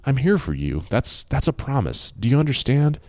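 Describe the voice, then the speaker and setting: A male narrator voicing a caring, anxious young woman teacher who asks gentle, earnest questions. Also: medium pitch, very animated, moderate pace, no echo, clean studio sound, pitched above the performer's own voice. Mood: concerned.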